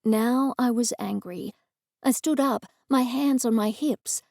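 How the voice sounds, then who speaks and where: An Australian woman narrating a cozy mystery audiobook in the first person, measured and expressive. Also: fairly high pitch, gravelly, no room sound, studio quality.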